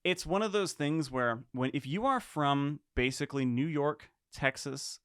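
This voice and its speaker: A man co-hosting a casual chat, rambling with halting restarts. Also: a little high, a bit bright, clear, resonant tone, dry recording, clean studio sound. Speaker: podcast co-host.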